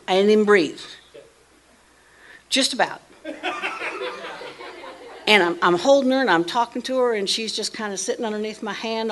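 A woman casually telling a personal story, animated, dropping to hushed asides and rising to loud emphasis. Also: a little high. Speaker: storyteller sharing a personal testimony.

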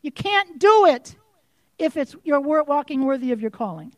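A woman with a high voice preaches a fervent sermon, pressing questions on her listeners and building to forceful outbursts. The sound is close and dry, with no room around it. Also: big pitch swings, moderate pace, dry recording. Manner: impassioned, rising to forceful outbursts.

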